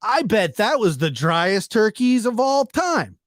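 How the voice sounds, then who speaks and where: A man doing a comic storytelling monologue, acting out characters with sudden jumps in pitch. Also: very animated, slow, no echo, clean studio sound. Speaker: stand-up comedian.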